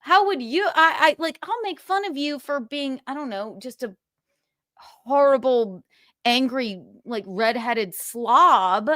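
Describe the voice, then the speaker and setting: A woman's voice: high-pitched, lively intonation, slow pace, sharp tone, no echo, clean studio sound. A young woman hosting a livestream, ranting with profanity and sarcasm. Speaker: podcast host.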